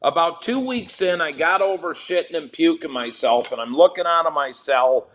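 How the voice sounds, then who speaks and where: Profane, higher-voiced male storyteller. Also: normal speed. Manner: profane, animated anecdotes with chuckles. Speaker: podcast guest. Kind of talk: casual storytelling.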